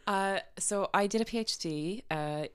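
A woman's voice: mid-range voice, a little slow, clean tone. A woman in her thirties, a podcast guest chatting casually, hesitant with many ums and restarts. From California. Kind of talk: casual chat.

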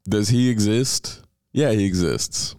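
A man, a comedian guest on a podcast, chatting casually and telling jokes with animated delivery. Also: lowish voice, slow, no echo, studio quality. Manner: animated joke telling, laughs often.

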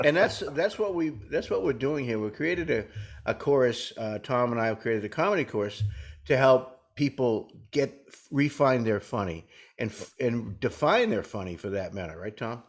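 A man's voice: medium pitch, expressive, unhurried. A man co-hosting a comedy talk, telling folksy jokes and laughing at his own punchlines. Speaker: co-host. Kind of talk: joke-telling banter.

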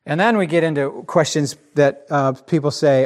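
A man with a fairly high voice explains scripture in a relaxed podcast conversation. He is animated and emphatic, restarting phrases as he goes. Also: moderate pace, hardly any pauses. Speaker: Bible teacher on a podcast. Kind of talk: casual teaching chat.

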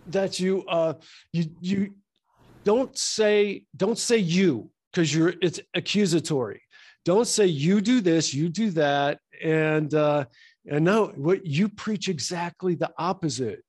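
Man, host, fairly high voice, curious, chatty, filler-heavy. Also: slow pace, darkish tone. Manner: curious, conversational, many fillers. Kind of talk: casual interview.

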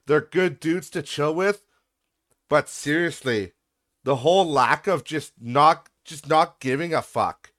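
A man's voice: fairly high pitch, takes it slowly, a bit bright. A young man hosting a podcast, ranting in a frustrated, profane way about a messy workplace. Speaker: podcast host. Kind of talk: casual venting monologue.

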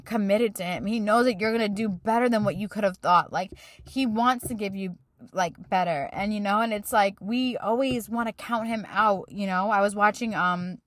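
A woman hosts her podcast with spontaneous, heartfelt faith talk, urging her listeners on. Her voice sits at an ordinary middle pitch and turns tearful at times. The sound is dry and close to the mic. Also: normal speed, dry recording. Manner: emotional, earnest, preaching to listeners. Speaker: podcast host.

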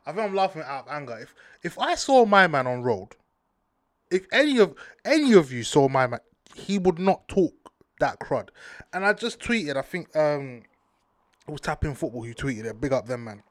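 A man's voice: a little high, expressive, normal speed, dry recording, studio quality. A man, ranting to camera in slangy, heated talk, repeating himself for emphasis. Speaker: vlogger. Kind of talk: casual ranting commentary to camera.

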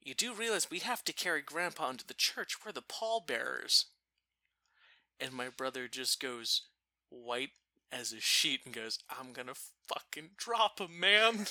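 Man, very bright voice, dry close sound, casual storytelling, animated, swearing. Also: medium pitch, no room sound. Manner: animated, profane, laughing while telling. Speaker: storyteller guest.

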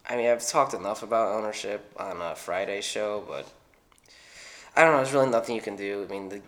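A man's voice: lowish voice, a bit bright. A man hosting a sports talk show, chatting casually and rambling a bit. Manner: casual, rambling, sometimes quick.

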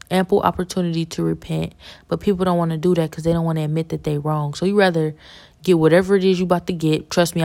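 A woman's voice: on the low side, gravelly, darkish tone. A woman giving a fervent, preachy religious testimony as a podcast guest, repeating herself as she urges listeners.

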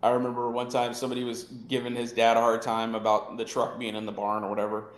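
A man's voice: medium pitch, completely flat delivery, fast talker, reverberant, rough recording. A man casually telling a story on a podcast, rambling with fillers and laughing. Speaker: podcast co-host.

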